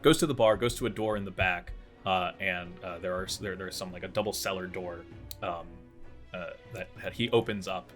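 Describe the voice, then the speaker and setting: Low-voiced man running a tabletop game. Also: steady tone, brisk, fairly bright tone, soft background music. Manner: hesitant, many fillers and restarts. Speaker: game master. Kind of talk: narrating and ruling a tabletop game.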